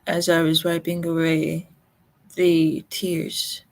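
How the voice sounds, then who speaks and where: Slow, gravelly-voiced woman telling a tearful story. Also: low voice, monotone, a little mellow. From Colorado. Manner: slow, halting, emotional recollection. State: close to tears. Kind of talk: personal storytelling.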